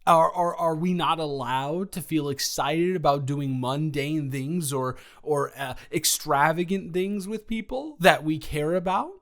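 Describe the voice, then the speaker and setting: A man's voice: fairly high pitch, unhurried, hardly any pauses, fairly bright tone. A young man improvising an audio role-play, talking in a flustered, rambling way with many stammering restarts.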